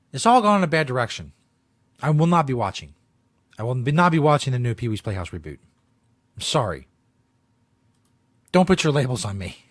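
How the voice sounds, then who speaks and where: A man hosting a comedic show, ranting about a video in profane, deadpan mock outrage. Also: medium pitch, no room sound, clean studio sound. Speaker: host.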